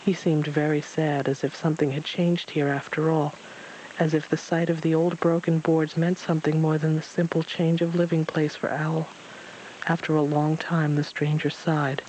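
A man reads a storybook aloud in a calm, even manner. His voice sits a little high. Faint hiss hangs under the recording. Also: normal speed, rough recording. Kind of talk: storybook read-aloud narration.

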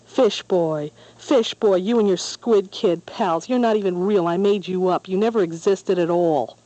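Storybook bully boy, jeering and spiteful, mellow tone, put on by the reader. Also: mid-range voice, expressive, normal speed, dry recording, natural voice, low-quality recording. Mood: sing-song jeering. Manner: sneering, taunting.

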